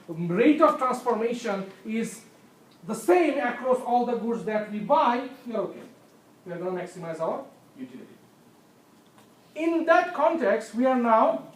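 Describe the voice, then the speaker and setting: A man's voice: extremely high pitch, distant mic. A man giving an economics lecture. He repeats the key points, checks that everyone follows, and coughs now and then. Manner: occasional coughs. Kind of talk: recorded classroom lecture. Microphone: tablet screencast recording. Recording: roomy echo, voice away from mic.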